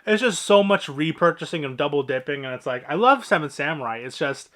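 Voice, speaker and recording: A man's voice: on the high side, animated, a little fast, a bit bright. A man casually walking through his movie collection, talking in a rambling, offhand way with lots of fillers and the odd swear.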